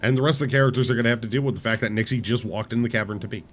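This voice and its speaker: A man's voice: medium pitch, very fast, soft background music. A man running a tabletop game as game master, narrating and chatting casually.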